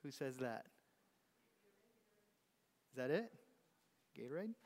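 A man's voice: medium pitch, sing-song, takes it slowly, darkish tone, in a large hall. A man preaching a sermon to his congregation, conversational and teasing, quizzing them with questions. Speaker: pastor. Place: church sanctuary.

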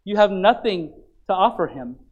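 A man preaching a sermon, swinging from loud, urgent preaching to soft, low pleading, often repeating phrases and restarting sentences. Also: expressive, moderate pace, phone-quality sound.

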